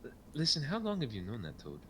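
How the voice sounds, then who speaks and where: A man voicing a gentle, earnest female paladin who speaks softly, politely and with hesitation. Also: mid-range voice, wildly swooping pitch, fast, slightly rough, pitched above the performer's own voice, exaggerated voice.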